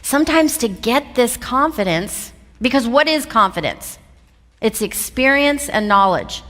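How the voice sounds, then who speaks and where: A woman giving a motivational seminar talk on stage before a live audience, an animated storyteller who laughs often. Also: mid-range voice. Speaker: seminar speaker. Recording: echoey hall.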